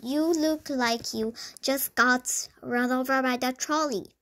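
A woman's voice: high-pitched, takes it slowly, exaggerated voice. Woman doing a bossy shrieking sister mouse. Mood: exasperated. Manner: sharp scolding.

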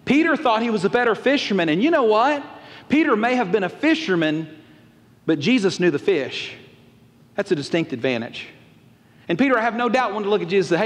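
A pastor preaching a folksy, animated sermon and acting out quotes. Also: male voice, high voice, a little fast. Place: church auditorium. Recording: long reverb of a large church hall.

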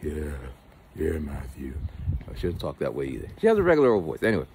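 A man's voice: low-pitched, huge pitch swings, very fast, a little mellow, a little hiss or hum. A man talking outdoors in the cold in a casual, rambling monologue, often repeating words. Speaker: vlogger.

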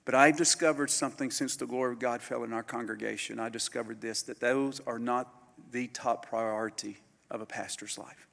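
A man, a pastor preaching a storytelling sermon that swings from loud bursts to hushed near-whispers. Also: mid-range voice, fairly even intonation, brisk, gravelly. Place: conference hall. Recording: live hall recording with long reverb.

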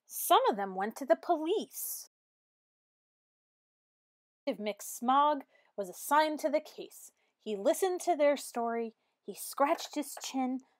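A woman teacher reading a children's picture book aloud with expressive, animated narration. Her voice sits a little high and rises and falls in wide, lively swings. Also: slow pace. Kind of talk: read-aloud storytelling.

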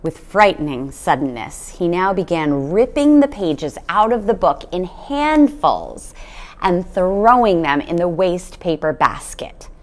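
Expressive woman reading a storybook. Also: lowish voice, unhurried. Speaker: storybook reader. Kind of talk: reading a children's novel aloud.

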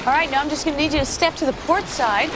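Woman playing a bossy young gal teaching a buddy to sail, super high voice, yells when fed up, noisy sitcom soundtrack. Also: fast, lightly acted. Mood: patient coaching. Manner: coaxing, then shouting in exasperation. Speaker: sitcom character. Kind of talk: sitcom acting. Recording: noisy TV soundtrack with studio laughter.

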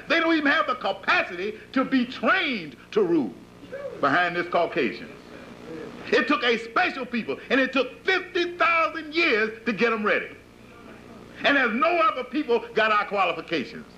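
Man, preacher, high voice, swooping delivery, emphatic and repetitive, dull lo-fi 1980s tape, faint hiss. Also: sharp tone. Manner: emphatic, repetitive rhetorical questions. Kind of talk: sermon-like lecture to followers.

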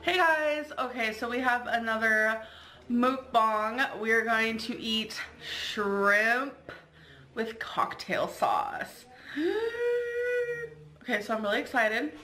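A woman vlogging casually to camera, chatty and excitable with frequent giggles. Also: a little high, slow, rough recording.

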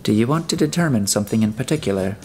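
A man reading an audiobook, voicing a grave, polite humanoid robot in a calm, formal, precise manner. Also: fairly low pitch, rapid-fire, soft background music, natural voice. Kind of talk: audiobook character voice.

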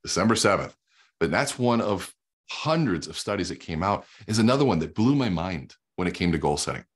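Low, husky-voiced man coaching. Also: lively intonation, fairly quick. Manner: storytelling with quoted dialogue, emphatic; teaching while drawing on a whiteboard. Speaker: guest speaker and sales coach. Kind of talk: energetic explanatory talk.

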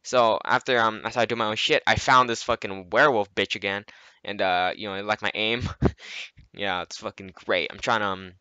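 Male gamer, casual rambling commentary, constant profanity, sharp tone. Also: lowish voice, steady tone, normal speed, clear, resonant tone, no room sound, highs cut off. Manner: rambling, heavy swearing. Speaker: gameplay commentator. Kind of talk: casual narration over gameplay footage.

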